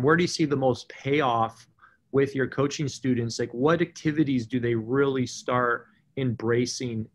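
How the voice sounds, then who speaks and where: A man in an ordinary mid-range voice hosts a podcast interview. He builds long, wandering questions, full of filler words and false starts. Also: medium pitch. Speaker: podcast host.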